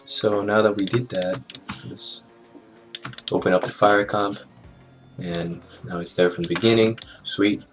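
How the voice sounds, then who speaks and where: A man walking through an animation software tutorial in a casual, think-aloud way, with fillers and small jokes. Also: fairly low pitch, little pitch movement, unhurried, pauses often. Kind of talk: screen-recorded software tutorial narration. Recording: clear background music under the voice.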